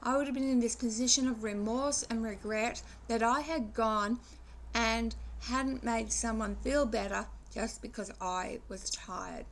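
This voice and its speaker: A woman's voice: fairly high pitch, fairly even intonation, unhurried. An English woman in her sixties giving an earnest, rambling reflective monologue for her vlog, restarting sentences as she moralizes. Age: 60s. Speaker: vlogger.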